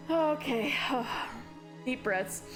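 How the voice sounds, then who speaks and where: High, lively woman streamer over game music. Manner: animated, profane casual commentary. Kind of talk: live game playthrough, reading text aloud and reacting.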